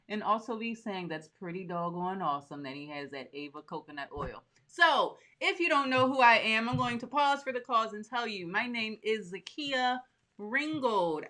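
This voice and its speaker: A woman who makes soap hosts a live stream, chatting upbeat and straight to her audience and greeting viewers by name. Her voice is medium-pitched with a fairly bright tone.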